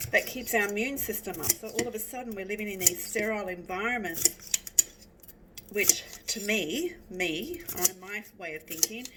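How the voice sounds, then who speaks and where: Heavy background noise surrounds a woman with a medium-pitched voice who is cooking in her home kitchen for a vlog. She chats on and on, cutting herself off mid-thought, her eyes watering and nose sniffling from the onions, as a distant microphone catches the loud clatter of dishes and cutlery.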